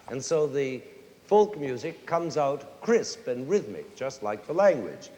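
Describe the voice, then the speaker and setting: A middle-aged man giving a lively lecture on music to a young audience, now and then singing short folk tunes to make his point. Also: medium pitch, a little slow. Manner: animated, sings and hums short folk tunes to demonstrate. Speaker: conductor and music educator. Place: large concert hall with audience. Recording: roomy concert hall reverb, faint hiss.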